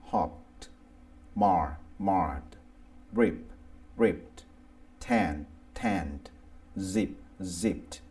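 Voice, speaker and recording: A man with a Thai accent reading an English grammar lesson, going deliberately through lists of verbs one by one. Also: lowish voice, a little mellow. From Thailand. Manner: slow, deliberate, reads word lists aloud one by one. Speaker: English teacher. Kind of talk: slow scripted grammar lesson.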